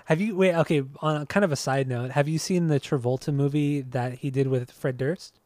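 Relaxed rambling podcast man. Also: fairly high pitch, brisk, dry recording. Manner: relaxed, rambling, many restarts, laughs often. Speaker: podcast co-host. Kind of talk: casual chat.

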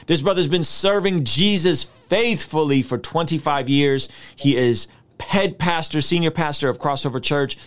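A man's voice: a little high, moderate pace, few pauses. A male podcast host with a slightly raised voice. He brings a lot of energy and hype to his introductions, then asks his guest open questions. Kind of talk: podcast interview.

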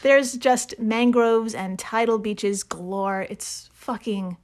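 A woman's voice: fairly high pitch, slow pace. A woman co-hosting a podcast, telling a story in casual chat, laughing often and swearing freely. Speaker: podcast co-host.

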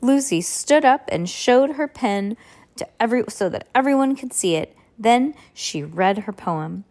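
A woman's voice: fairly high pitch, animated, a little slow, a little mellow. A woman reading a storybook aloud to a child, with casual chatty asides. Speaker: reader.

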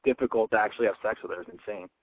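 A man's voice: lowish voice, very fast, no room sound. Sheepish rambling man on a phone line. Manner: rambling, sheepish, filler-heavy. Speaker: caller. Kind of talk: casual phone call. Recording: tinny phone line, dry.

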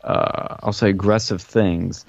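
A man's voice: deep voice, steady tone, measured pace, creaky. A man retelling a story in casual podcast chat, rambling and profane, with dull, dry lo-fi audio. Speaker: guest telling a story.

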